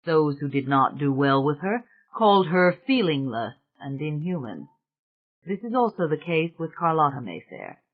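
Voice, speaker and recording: A man reading an audiobook in a measured, formal narration. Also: a little high, sing-song. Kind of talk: scripted narration. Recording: tinny, phone-like sound.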